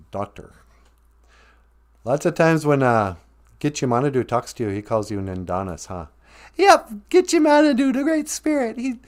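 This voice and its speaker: A man from northern Minnesota hosting a live-stream lesson, explaining words and joking playfully along the way. He talks in an unhurried way with an animated, lively pitch. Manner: playful, joking, laughs often. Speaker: language and culture teacher, host. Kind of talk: live-stream teaching chat.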